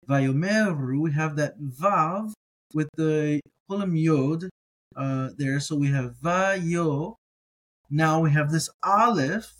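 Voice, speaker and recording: A middle-aged man teaching a word-by-word reading lesson, sounding out each word slowly and repeating it several times, in a relaxed and encouraging way with frequent ums and uhs. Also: on the high side, poor audio. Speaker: Hebrew teacher.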